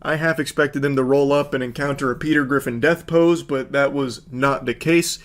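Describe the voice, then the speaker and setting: A man's voice: mid-range voice, fairly even intonation, moderate pace. A man giving casual, sardonic, profanity-laced commentary.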